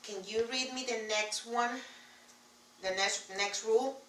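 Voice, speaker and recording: A woman's voice: on the high side, fairly even intonation, unhurried, fairly bright tone, slight background noise. Spanish-accented woman teaching from the board. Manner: patient, repeats key words, writes on board while talking. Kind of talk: classroom teaching. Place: classroom. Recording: echoey classroom from far off.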